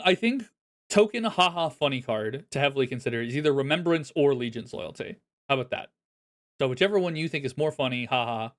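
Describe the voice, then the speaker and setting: A man's voice: on the high side, a bit bright. A man chatting casually on a live stream as he reviews viewers' decks, laughing often and poking fun at himself.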